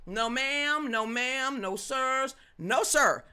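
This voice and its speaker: A woman's voice: high-pitched, takes it slowly, pushed and bright, smooth. A woman in her fifties hosting a news commentary livestream, reading chat and ranting emphatically in a rambling way.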